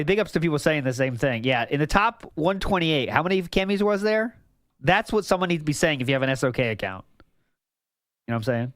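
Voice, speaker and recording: A man's voice: fairly high pitch, dry recording, studio quality. A man streaming casually, rambling and laughing as he reacts to old clips for chat. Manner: rambling, laughs often, jumps between topics.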